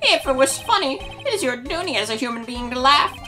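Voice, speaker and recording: A woman voicing a loud, jokey male circus clown who cackles at his own puns. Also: high voice, lively intonation, brisk, over music, pitched above the performer's own voice. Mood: boisterous.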